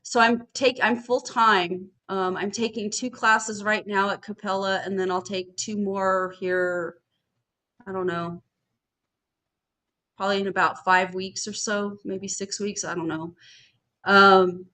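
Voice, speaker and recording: On a podcast panel, a woman who's working on her master's vents in casual, blunt chat, cursing without hesitation. She speaks unhurriedly, with a medium-pitched, steady voice and a sharp tone.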